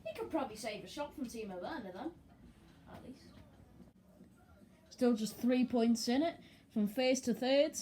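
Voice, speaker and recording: A woman talks her way through a football video game, reacting in a chatty, excitable way. Her voice sits a little high. A faint hiss runs under her voice. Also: normal speed, pauses often. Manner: chatty and excitable, talking to herself over gameplay. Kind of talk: let's play commentary.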